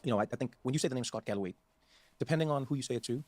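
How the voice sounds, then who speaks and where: A man hosting a podcast who asks questions and acts out quotes in animated stories. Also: mid-range voice, rapid-fire, no room sound. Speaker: podcast host. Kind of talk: conversational interview.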